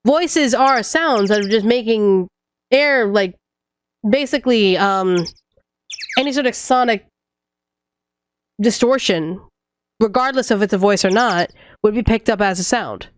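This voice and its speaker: A woman's voice: medium pitch, unhurried, long pauses, a little hiss or hum. A woman streamer chatting casually and rambling with jokes and swearing while playing a game. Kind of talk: casual gameplay chat. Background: game music.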